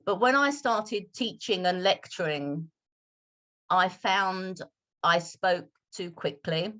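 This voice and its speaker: A British woman English teacher from London, speaking with a polished RP accent in measured, slowed speech on a video call. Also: on the low side, a bit bright. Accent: British RP, London roots. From London, England. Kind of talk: online Q&A talk.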